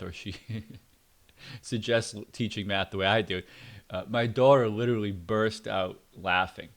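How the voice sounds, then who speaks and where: A middle-aged man talks through a book review in a casual, unscripted way. His voice sits a little low, and his delivery is blunt and opinionated, with plenty of fillers and side remarks. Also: a bit bright. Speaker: book reviewer and parenting channel host.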